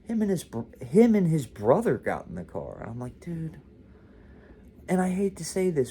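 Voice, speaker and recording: A man's voice: mid-range voice, mellow, a little hiss or hum. A man telling a casual storytime to camera, rambling with frequent "like" and self-interruptions. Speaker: vlog host.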